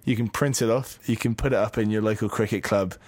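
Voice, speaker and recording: A man's voice: lowish voice, quick pace, dry recording. Jokey male co-host, dry close sound. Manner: jokey, deadpan quips. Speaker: podcast co-host. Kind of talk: casual podcast chat.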